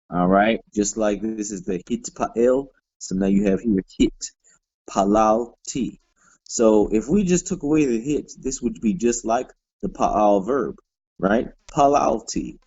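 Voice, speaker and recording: A man's voice: lowish voice, gravelly, dark tone, breathy edge, no echo, lo-fi sound. A man teaching a Hebrew grammar class, explaining step by step with frequent fillers and self-corrections, recorded in a classroom.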